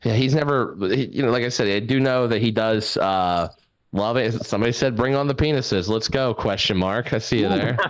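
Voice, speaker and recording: Young male comic working a video-call crowd, loose and rambling with lots of likes, smooth resonant voice, dead-dry home mic. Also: on the low side, fairly quick, no echo. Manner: loose rambling delivery, lots of likes and uhs, laughs at own jokes. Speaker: stand-up comedian. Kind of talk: stand-up set on a video call show. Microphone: home microphone.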